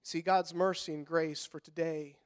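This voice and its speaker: A middle-aged man preaching a sermon in a high, clear, resonant voice. He is folksy and repeats words when he gets going. He swings between loud, fervent passages and quiet, soft-spoken stretches. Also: level tone, normal speed. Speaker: pastor.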